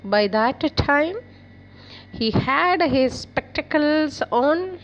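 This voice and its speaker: Woman teacher, story explainer. Slow and expressive. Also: on the high side, dull audio. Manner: paraphrases and defines words, with fillers.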